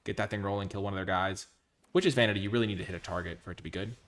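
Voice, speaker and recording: A man commentating his own card game matches casually, excitable and full of exclamations. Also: on the low side, racing.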